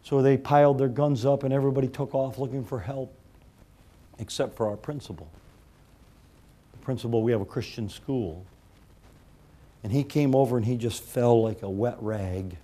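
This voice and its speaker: A middle-aged man preaching a sermon, telling a personal story, moving between loud preaching and quiet, hushed retelling. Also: medium pitch, moderate pace, pauses often. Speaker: pastor.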